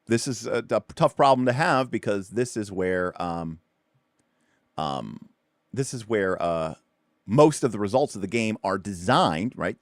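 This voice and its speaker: A man's voice: on the low side, no echo, clean studio sound. A man hosting a tabletop game livestream, explaining rules in a loose, rambling way with lots of fillers and restarts. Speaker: tabletop RPG show host.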